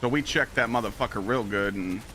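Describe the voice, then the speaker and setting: Man, live streamer, casual profane storytelling, bright tone, faint background noise. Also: fairly low pitch, fairly quick. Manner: profane, animated storytelling with acted-out quotes.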